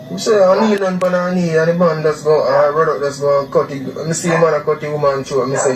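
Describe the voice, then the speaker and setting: A young man with a Jamaican Patois accent, giving a halting, repetitive eyewitness account, recorded in a distant, echoey, noisy clip. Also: a little high, fairly even intonation. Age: young adult. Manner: halting, repeats himself, acts out quotes. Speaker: witness interviewee.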